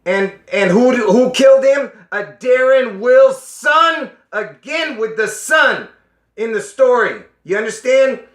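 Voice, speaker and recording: Speaking slowly with an extremely high, expressive, slightly bright voice, a man addresses his viewers casually but insistently. He keeps checking that they understand, coughing and sounding strained, in an echoey room.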